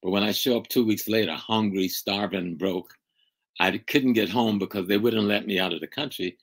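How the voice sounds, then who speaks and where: A man's voice: fairly low pitch, normal speed, slightly rough, rough recording. An older man from the United States telling a story with emphatic, dramatic delivery as an interview guest over a video call. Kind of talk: storytelling in a conversation.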